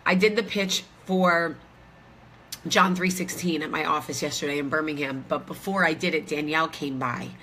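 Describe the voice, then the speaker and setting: A woman's voice: low voice, normal speed, a bit bright, a little hiss or hum. A woman, in her thirties, chatting casually and rambling to viewers from a hotel room, with lots of fillers. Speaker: vlogger host.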